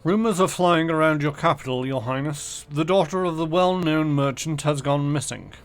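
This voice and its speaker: A man's voice: fairly high pitch, moderate pace, pitched above the performer's own voice, lightly acted. A man voicing a dutiful royal advisor reporting to the ruler in a game. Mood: urgent. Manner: dutiful, reading aloud.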